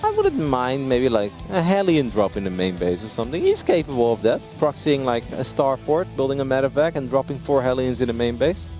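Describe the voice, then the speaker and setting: A man in the middle of live esports commentary, lively and easily excited. He laughs often and his voice jumps high when a play surprises him, with faint music playing underneath. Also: a little fast, few pauses. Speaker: esports caster.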